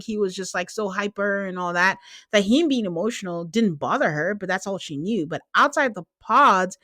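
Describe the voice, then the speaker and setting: A woman hosts a casual recap podcast, talking in an animated way and breaking into laughter. She acts out what people said in quick little impressions. Her voice sits at a middle pitch and sounds dry and close. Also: no room sound. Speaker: podcast host.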